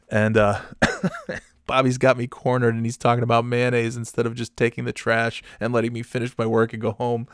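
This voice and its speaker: A man's voice: medium pitch, level tone, fairly quick, dry recording, clean studio sound. A man telling a casual comic anecdote, profane and exasperated. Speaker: storyteller.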